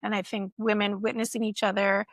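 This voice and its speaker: A woman's voice: mid-range voice, level tone, a little fast, dry recording, studio quality. A woman hosting a podcast, talking casually and encouragingly with many fillers. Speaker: podcast host.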